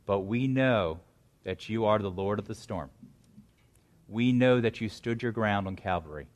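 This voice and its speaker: A male pastor preaching a sermon, building to loud, dramatic swells and dropping to hushed, quiet lines. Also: on the low side, a little slow.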